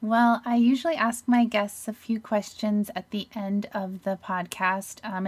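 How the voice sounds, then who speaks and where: A woman's voice: medium pitch, flat delivery, a little slow, few pauses, no echo. A woman hosting a podcast, interviewing a guest and affirming his points. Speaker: podcast host.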